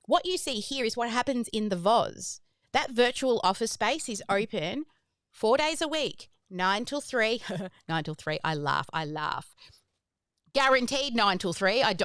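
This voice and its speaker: A chatty, excitable woman hosts a live online business workshop. Her voice is bright and crisp, and it sounds dry and close. She talks with lots of bounce and is quick to laugh. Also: on the high side, dry recording. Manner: bubbly, excitable, chatty, prone to squeals and laughter. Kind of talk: energetic live webinar presenting.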